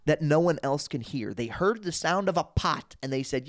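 Young male comedian guest, high-ish voice, animated delivery, dry close mic. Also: moderate pace, few pauses, no room sound. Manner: animated, slips into voices and quoted bits. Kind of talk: casual podcast chat.

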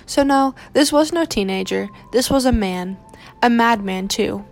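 A woman reading a romance novel aloud in steady, measured narration. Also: on the high side, soft background music.

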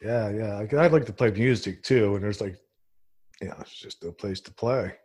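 A man from New Jersey hosting a casual podcast interview, rambling in a relaxed way. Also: fairly low pitch, normal speed, slightly rough. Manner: relaxed, rambling, many fillers. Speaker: podcast host.

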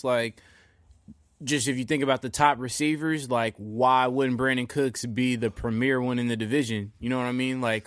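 This is a man hosting a laid-back sports podcast, talking in loose, profane slang. His voice sits at an ordinary pitch and sounds dry and close, with no room around it. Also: a bit bright, smooth, dry recording. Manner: slangy, profane, keeps asking "you feel me". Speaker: podcast host. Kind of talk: casual sports chat.

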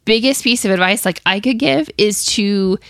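A woman's voice: mid-range voice, normal speed, fairly bright tone, no room sound, clean studio sound. Chatty woman co-hosting a podcast. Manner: chatty, lots of "like" and restarts. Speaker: podcast co-host. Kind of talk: casual chat.

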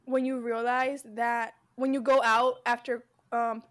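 A woman's voice: fairly high pitch, flat delivery, measured pace. A young woman co-hosting a podcast, rambling in casual chat and laughing often. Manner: rambling, laughs a lot, says "dude". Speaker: podcast co-host.

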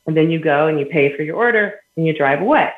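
Over an echoey, phone-quality line with slight background noise, a woman podcast guest talks fast and animatedly in a low-pitched voice. She explains earnestly, using everyday examples, with laughter between points.

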